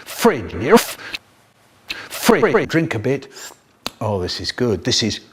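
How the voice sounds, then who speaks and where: A man reading children's stories aloud, playful and animated, with sound effects and silly voices. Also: medium pitch, slow, a little hiss or hum. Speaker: children's poet and storyteller. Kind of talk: expressive children's story reading.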